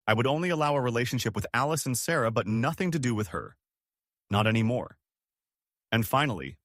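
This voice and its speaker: A man's voice: mid-range voice, a bit bright, no room sound, studio quality. A man narrating a first-person story in a dramatic scripted storytelling manner.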